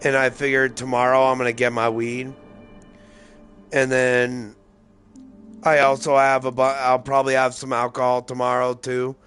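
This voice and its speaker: A man's voice: medium pitch, monotone, normal speed, a bit bright, faint music behind. A man rambling loosely and profanely through casual gameplay commentary, tipsy and slightly slurring his words. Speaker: gaming streamer.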